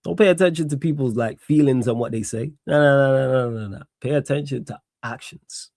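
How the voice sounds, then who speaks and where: A man's voice: mid-range voice, brisk, gravelly, a little mellow, dry recording, clean studio sound. A young man hosting a solo sports live stream, blunt and sarcastic, hammering his points with repetition and swearing. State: tired. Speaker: streamer host.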